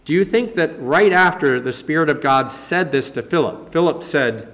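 A man preaching in a relaxed, conversational way, correcting himself often and pushing his voice up to stress key points. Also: moderate pace, hardly any pauses. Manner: relaxed, chatty preaching with frequent self-corrections; rises in pitch and volume to stress key points. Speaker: pastor. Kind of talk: conversational sermon.

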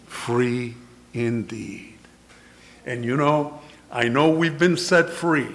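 Slow, emphatic older male preacher. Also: mid-range voice. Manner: reads scripture in old-fashioned wording. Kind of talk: sermon.

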